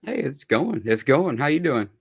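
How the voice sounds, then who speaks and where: Gravelly dude hosting a chill stream, swears a lot, laughs easy, dry sound. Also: male voice, a little high, very animated, moderate pace, dry recording. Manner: loose, swearing, laughs often. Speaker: stream host. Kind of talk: casual laid-back chat.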